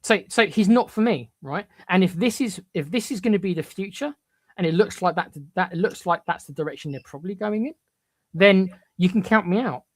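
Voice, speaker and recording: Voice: mid-range voice, lively intonation, brisk, no room sound. A podcast co-host giving blunt, emphatic opinions, often stumbling into repeated restarts.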